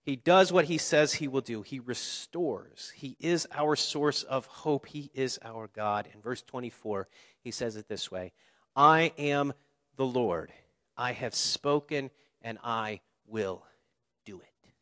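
A man preaching a sermon, repeating key phrases slowly and letting his voice fall quiet at the ends of lines. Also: mid-range voice. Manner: preaching with slow emphatic repetitions and dramatic drops in volume. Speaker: pastor. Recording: long reverb of a large hall.

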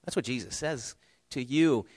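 A man's voice: medium pitch, expressive, normal speed, a little mellow, husky, no room sound. A man preaching a sermon in a church, earnest and conversational, with small restarts and light humor. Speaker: pastor. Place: church sanctuary.

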